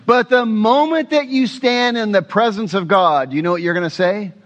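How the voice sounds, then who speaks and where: A male pastor preaching a sermon with expressive delivery, asking the congregation questions and dropping into hushed, prayerful asides. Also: high-pitched, normal speed, dull audio.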